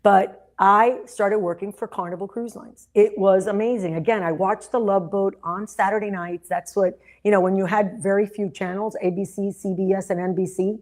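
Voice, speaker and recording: A woman's voice: medium pitch, fairly even intonation, normal speed, few pauses, darkish tone. A woman in her sixties hosting a webinar over a video call, effusive and dramatic, talking at length. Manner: dramatic and effusive, talks a lot. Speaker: host, cruise sales leader. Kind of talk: webinar chat.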